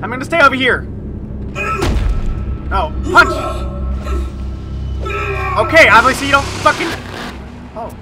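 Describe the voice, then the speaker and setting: A man narrating his first run through a horror game, his voice high and swinging wildly up and down. He yelps, swears and jokes whenever something jumps out, with game music running behind him. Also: a little slow, long pauses. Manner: excitable, yelps and swears when startled. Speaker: let's play gamer. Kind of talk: first-time playthrough commentary. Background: game music and sound effects.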